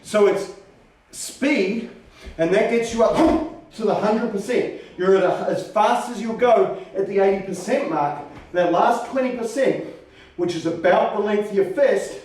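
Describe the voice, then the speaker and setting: A high-pitched male karate instructor talks through a technique in an unhurried, demonstrative way, breaking into sharp called-out commands. He is picked up from a distance in a very roomy training hall. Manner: demonstrative, shouts sharp counting calls. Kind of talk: teaching a martial arts class.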